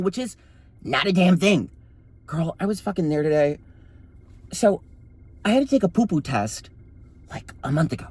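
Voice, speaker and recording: A man telling a story in a campy, sassy, profane way, his voice often taken for a woman's. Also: sits high. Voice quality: voice read as feminine. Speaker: vlogger. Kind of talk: casual storytelling vlog.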